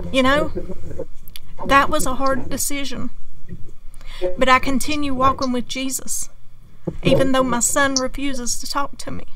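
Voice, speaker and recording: A woman leading a Bible study group and sharing a personal testimony in an earnest way, with pauses and restarts. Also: high-pitched, level tone, distant mic, crowd noise, rough recording.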